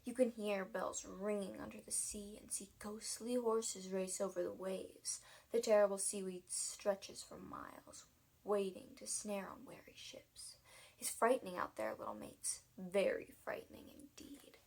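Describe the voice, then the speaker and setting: Storybook sailor, male, teasing and spooky, whispered low, put on by a woman reader. Gravelly edge. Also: lively intonation, measured pace, darkish tone, full character voice, rough recording. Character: scheming grown male sailor spinning scary tales.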